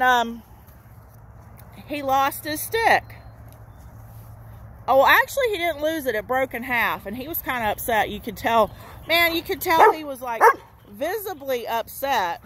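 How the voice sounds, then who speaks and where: High-voiced, unhurried woman preacher. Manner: animated, conversational, playful asides. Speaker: street preacher. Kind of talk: informal preaching to camera.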